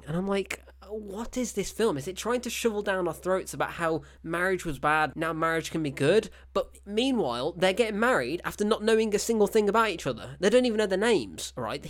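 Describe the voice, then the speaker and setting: A man hosting his own film review show, ranting in an exasperated, sarcastic way, with heavy sighs, exclamations and bitten-off swearing. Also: on the high side.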